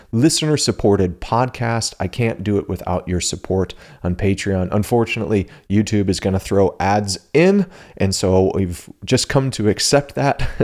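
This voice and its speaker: Low-voiced man hosting a solo podcast. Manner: animated, self-deprecating, laughs at himself. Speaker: podcast host. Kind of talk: casual solo podcast talk.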